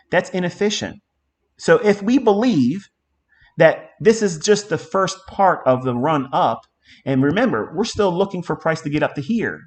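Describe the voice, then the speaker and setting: A middle-aged man teaching a live trading lesson in an emphatic, profane way, with a lot of repetition. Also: fairly high pitch. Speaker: trading mentor.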